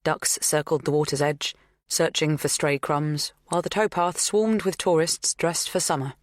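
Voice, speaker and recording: A woman narrating an audiobook in a measured, even reading. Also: low-pitched, dry recording, studio quality. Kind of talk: scripted first-person narration.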